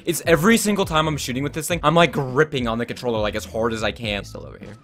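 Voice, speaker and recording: A man's voice: mid-range voice, fast, faint music behind. A young man commentating his own gameplay, ranting about opponents and swearing often. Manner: ranting, frustrated, swears a lot, yells at opponents. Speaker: gaming YouTuber.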